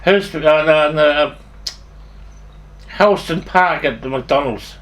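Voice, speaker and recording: An older man with an Australian accent and a fairly high voice tells rambling stories from his life. He swears freely, restarts his sentences mid-thought and chuckles at his own anecdotes. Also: takes it slowly, a bit bright. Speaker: storyteller.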